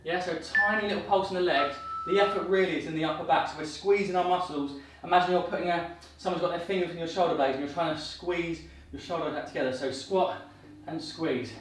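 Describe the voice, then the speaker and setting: A man's voice: fairly high pitch, fairly even intonation, brisk, few pauses, a bit bright, distant mic, slight background noise. A man coaching a workout, upbeat and encouraging, counting reps and slightly out of breath. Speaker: fitness coach. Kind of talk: guided workout instruction. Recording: very echoey room, voice off-mic.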